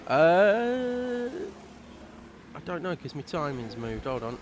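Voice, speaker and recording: A man doing relaxed, chatty commentary on a live race stream, explaining things at length. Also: on the high side, slow pace, a little hiss or hum.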